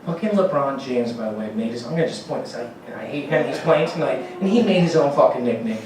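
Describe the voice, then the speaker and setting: A man's voice: mid-range voice, lively intonation, fast talker, darkish tone, a little hiss or hum. A man in his thirties doing a rambling, profane stand-up set, acting out his stories in raised voices. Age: 30s. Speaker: stand-up comedian. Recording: very echoey room, mic from a distance.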